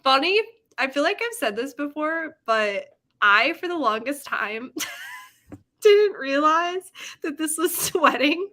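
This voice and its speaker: A young woman hosts a relaxed live stream, her voice bright and sitting a little high. She rambles in easy chat, giggles in the middle of her sentences, and tends to over-explain herself. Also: slow. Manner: giggly and rambling, laughs often mid-sentence; self-conscious over-explaining. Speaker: livestream host.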